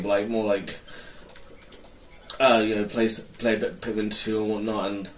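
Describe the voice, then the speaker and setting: A man with a lowish voice hosts his own gaming channel, giving casual gameplay commentary in a brisk, flat delivery. He rambles, hesitates and corrects himself. The roomy recording has the mic held far off, with faint noise.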